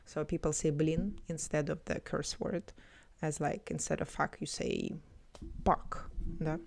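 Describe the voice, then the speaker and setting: A woman explains words and phrases in a relaxed, teacherly way, filling her pauses with ums. Her voice sits low for a woman. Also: vocal fry, slight background noise. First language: Russian. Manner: explanatory, many fillers. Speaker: language teacher. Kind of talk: explaining language clips.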